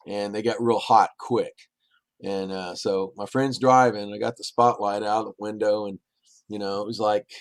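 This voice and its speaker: A man's voice: fairly low pitch, no room sound. A middle-aged man, a podcast guest, telling long rambling stories in a casual, anecdotal way. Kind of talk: casual storytelling.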